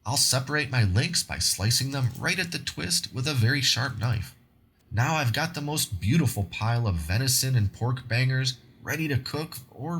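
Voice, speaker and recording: A man narrates a home cooking recipe as the host of his own show, talking through each step in a chatty, upbeat way. His voice sits at an ordinary, middle pitch for a man. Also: fairly bright tone, a little hiss or hum. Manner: upbeat and conversational.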